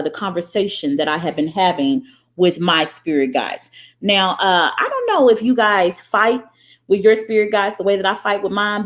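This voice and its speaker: Woman vlogger, casual monologue to camera, animated, curses freely. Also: mid-range voice. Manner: blunt and profane, animated storytelling. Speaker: spiritual vlogger.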